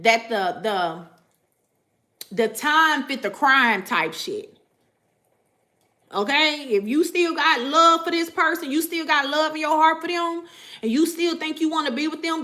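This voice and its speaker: Bright-voiced woman, loose and profane. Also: high voice. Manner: profane, animated, laughs often, repeats "you know what I'm saying". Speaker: spiritual tarot vlogger. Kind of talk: casual talk to viewers.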